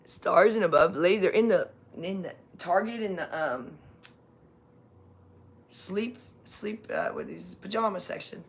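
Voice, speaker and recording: A woman's voice: lowish voice, animated, slow pace, vocal fry. A woman from California chatting casually on a live stream, rambling with many fillers and restarts. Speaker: livestream host.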